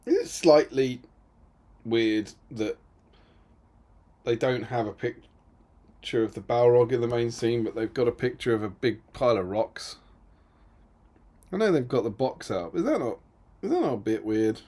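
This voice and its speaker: Male co-host from Britain, casual stream chat, slightly husky voice, dry self-mocking humour. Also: mid-range voice, animated, unhurried, pauses often, dark tone. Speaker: co-host of a tabletop gaming stream.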